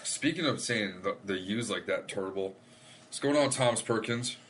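Joking low-voiced podcast host. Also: male voice, animated, fairly bright tone, slight background noise. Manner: joking, quick questions, playful asides. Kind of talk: casual podcast interview.

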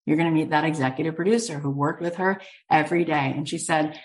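A woman podcast host and coach, telling a story in an animated, emphatic way with lots of casual fillers. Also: low voice, quick pace. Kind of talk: storytelling monologue.

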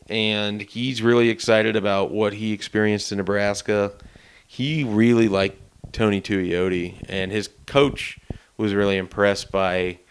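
A man with a fairly low, smooth and clear voice, talking in a relaxed, rambling manner. He co-hosts a casual sports chat, recounting reporting trips and anecdotes at an easy pace.

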